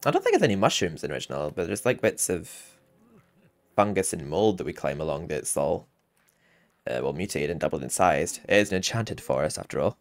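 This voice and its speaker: Low-voiced chatty gaming commentator man. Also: big pitch swings, brisk. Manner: rambling, chatty, often laughing. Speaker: gaming channel host. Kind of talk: casual game walkthrough commentary. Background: game music.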